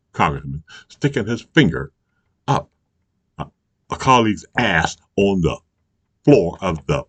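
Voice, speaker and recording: A man's voice: medium pitch, breathy edge, dry recording. A man delivering an angry, profane political rant, emphatic and repetitive, constantly asking if the listener understands. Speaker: political commentator.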